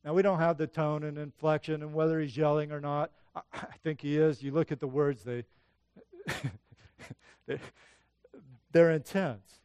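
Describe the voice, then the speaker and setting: A man's voice: on the high side, level tone, normal speed, long pauses, darkish tone, smooth, no room sound. A man preaching a sermon in a conversational teaching manner, acting out the Bible passages he quotes. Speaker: pastor.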